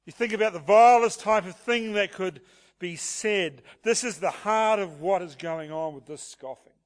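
Male pastor, higher register, walks the congregation through the text. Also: moderate pace. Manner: expository preaching with rhetorical questions. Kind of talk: sermon.

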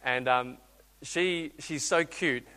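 Preacher, man in his 30s, sharp tone, reverberant hall. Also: slow pace, smooth. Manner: storytelling, swings from loud high urging to quiet low intimacy. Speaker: guest preacher. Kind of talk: sermon. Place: church hall.

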